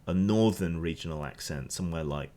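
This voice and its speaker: Low-voiced Hampshire man rambling through news. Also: brisk, warm tone. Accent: Hampshire English. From England. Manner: rambling, restarts often, opinionated. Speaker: streamer and news commentator. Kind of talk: casual news commentary.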